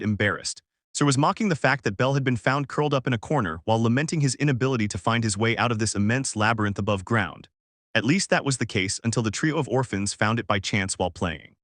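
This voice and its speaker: A man narrating a fan story in an even, flat reading. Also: medium pitch, no room sound, clean studio sound.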